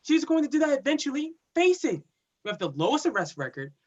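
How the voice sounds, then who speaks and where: A man's voice: fairly high pitch, expressive, moderate pace, a bit bright. A man reading a blunt young cop. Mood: arguing. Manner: blunt, argumentative. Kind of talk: amateur play reading over video call. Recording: dull lo-fi video call audio.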